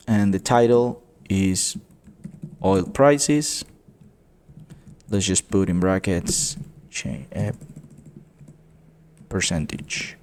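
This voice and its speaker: A man teaching a coding tutorial, explaining step by step, often calling viewers "guys" and pausing with fillers. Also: fairly low pitch, warm tone, slight background noise. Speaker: economics tutor. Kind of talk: screen-recorded coding tutorial.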